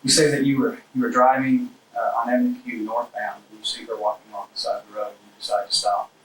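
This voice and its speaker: A man's voice: mid-range voice, little pitch movement, fast, fairly bright tone, far from the mic, a little hiss or hum. A man questioning a suspect as a police detective, direct and procedural. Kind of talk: interrogation questioning. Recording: roomy interrogation room audio from afar.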